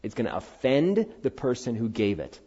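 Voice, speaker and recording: A middle-aged man preaching a sermon, earnest and animated, swinging from loud, high emphasis down to quiet, low conviction. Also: normal speed, husky. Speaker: pastor. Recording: dull, slightly lo-fi sound.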